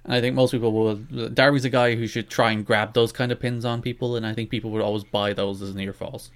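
Man chatting fast with restarts. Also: medium pitch, little pitch movement, clean tone. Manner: quick, self-interrupting talk with frequent restarts. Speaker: podcast co-host. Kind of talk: casual chat.

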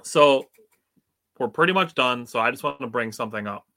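A man's voice: medium pitch, expressive, normal speed, sharp tone. A young man from Wisconsin co-hosting a sports podcast, chatting in a laid-back way and often saying "dude" and "like.". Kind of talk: casual chat.

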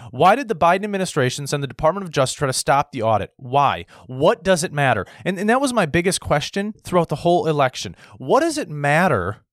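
A man's voice: on the high side, very animated, a little fast, hardly any pauses, no room sound, clean studio sound. A man delivering a blunt, combative opinion rant, repeating himself and swearing as he goes. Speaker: political commentator. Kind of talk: ranting opinion monologue.

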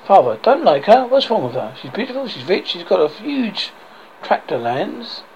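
A man voicing a gruff, bossy middle-aged king lecturing his son, on a dull lo-fi recording with faint hiss. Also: sits high, big pitch swings, moderate pace, darkish tone, full character voice. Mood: blustering.

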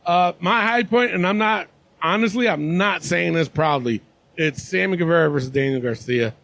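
A man hosts a casual podcast with a high, gravelly voice. He meanders and hedges as he talks, and his voice comes through dry and close with no room sound. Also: moderate pace, a bit bright, dry recording. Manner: meandering, hedging delivery. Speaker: podcast host.

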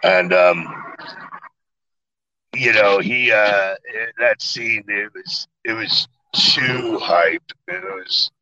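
A middle-aged man, an actor being interviewed, telling stories in a casual, animated and profane way, acting out quotes. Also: fairly low pitch, extremely slow, no echo, dull audio. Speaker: actor guest.

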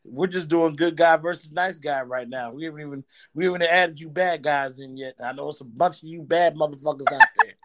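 A man's voice: on the high side, fairly quick, hardly any pauses, fairly bright tone. A man hosting a casual talk show, playful and speaking straight to his audience. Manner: playful, addresses audience directly. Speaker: show host.

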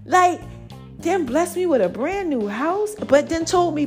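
A woman hosting her podcast from home, giving a preachy, slangy motivational faith talk with a stuffy nose and drawn-out emphasis. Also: extremely high pitch, big pitch swings, darkish tone, soft background music. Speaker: podcast host. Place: at home, new house.

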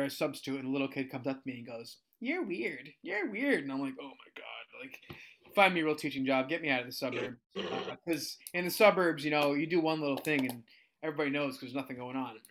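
A man in his thirties tells funny stories in casual chat, with a slightly high voice. He talks with energy and keeps acting out the voices of the people he quotes, his pitch leaping up at the punchlines. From United States. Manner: animated, acts out quoted voices, jumps in pitch. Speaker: guest storyteller.

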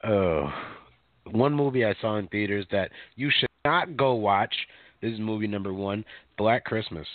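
A man co-hosting a podcast in casual chat, rambling with lots of fillers and quick mock voices. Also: fairly low pitch, no echo. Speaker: podcast co-host. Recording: tinny phone-like dry sound.

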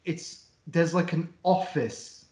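A man's voice: a little high, slow, darkish tone, reverberant. A man co-hosting a film review podcast, hesitant and full of ums as he reads funny lines from his notes. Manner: hesitant, many ums, laughs at own notes. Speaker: podcast co-host. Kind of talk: casual film review chat.

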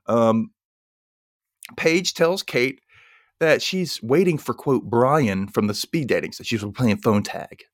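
On a podcast, a man with a medium-pitched voice recaps a movie plot slowly and casually, laughing often and acting out the characters' lines with animation. The recording is dry and studio quality.

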